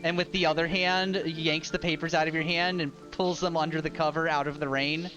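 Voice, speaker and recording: A man narrating a tabletop game as dungeon master, relaxed and casual with frequent filler words. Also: fairly high pitch, a little fast. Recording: dull lo-fi with loud ambient music.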